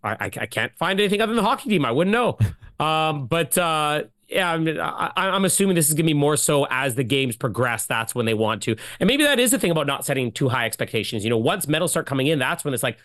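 A man co-hosting a sports podcast, chatty and quick to laugh. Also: on the high side, expressive, a bit bright, no echo, clean studio sound. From Canada. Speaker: podcast co-host. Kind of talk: casual podcast chat.

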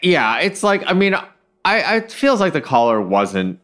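A man's voice: on the high side, big pitch swings, normal speed, fairly bright tone. A man co-hosting a casual podcast, talking things through in a thoughtful, hedging, digressive way on a studio mic. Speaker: podcast co-host.

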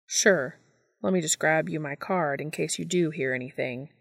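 A woman voicing a gruff, stubborn male monster hunter in a storybook reading. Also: low-pitched, moderate pace. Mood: tense.

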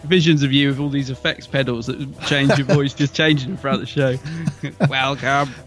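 A man co-hosting a fan podcast, chatty and quick to laugh. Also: medium pitch, fairly even intonation, fairly bright tone, soft background music. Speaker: podcast co-host. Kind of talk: casual chat.

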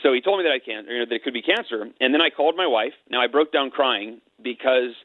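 A man's voice: medium pitch, animated, no room sound. A middle-aged man, an interview guest, telling a personal story candidly and emotionally, mixing in jokes. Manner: candid, emotional, quick to joke. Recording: tinny phone-line sound.

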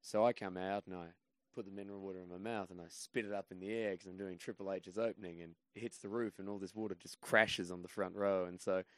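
A man with a fairly low voice tells rambling, self-deprecating stories as a podcast guest. He sounds casual and chatty. The close mic gives a dry sound with no room echo. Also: steady tone, fast talker. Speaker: guest comedian.

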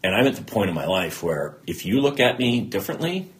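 A man's voice: fairly low pitch, sing-song, fairly quick, slight background noise. A middle-aged man speaking earnestly as an interview guest, acting out past conversations as he tells them. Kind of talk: candid conversation.

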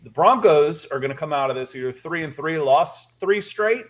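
A man's voice: fairly high pitch, lively intonation, normal speed. A man from Georgia co-hosting a sports podcast, talking casually in a rambling way, repeating words and chuckling. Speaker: podcast co-host.

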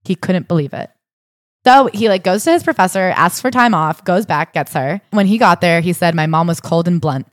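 A woman co-hosting a podcast, retelling a book's story in a casual, animated way and acting out the quotes. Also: fairly low pitch, moderate pace, no echo, studio quality. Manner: animated storytelling, acts out quotes with rising indignation. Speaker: podcast co-host. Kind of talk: casual book discussion.

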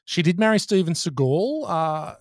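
A man's voice: high voice, expressive, normal speed, no room sound, studio quality. A man hosting a casual movie podcast, enthusiastic and steering the segments. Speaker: podcast host.

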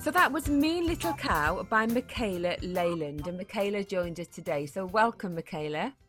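Female host, calm friendly story intro, clear music bed underneath. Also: medium pitch, normal speed. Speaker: host of a bedtime story show.

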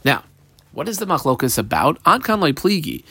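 A man's voice: on the high side, moderate pace, vocal fry, slightly rough, dry recording. A man teaching a daily Talmud class, reading Aramaic phrases and explaining them in casual English. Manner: animated, mixes Hebrew-Aramaic terms into English explanation.

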